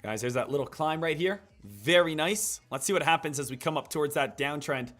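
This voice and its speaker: A man's voice: fairly high pitch, brisk, fairly bright tone, soft background music. A man hosting a live day-trading stream, coaching viewers in an upbeat, repetitive hype style. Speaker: day-trading livestream host. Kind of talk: live market commentary and coaching.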